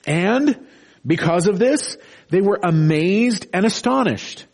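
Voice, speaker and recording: A man from the United States preaches an expository sermon, his voice sitting a little higher than most men's. He explains patiently, circles back with restarts, and leans into his points with rising emphasis. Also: expressive, takes it slowly, darkish tone, slightly rough.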